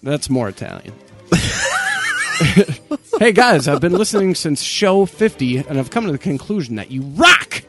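Casual male podcast co-host, fairly high and very lively voice, reads listener messages with exaggerated flair. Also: normal speed, few pauses, music in the background. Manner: animated, reads messages aloud with mock emphasis. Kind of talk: casual comedic podcast banter.

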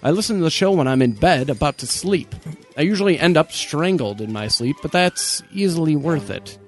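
A man's voice: a little high, lively intonation, a little fast, soft background music. A man co-hosting a comedy podcast, reading listener messages aloud with mock emphasis and joking asides. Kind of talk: casual comedic podcast banter.

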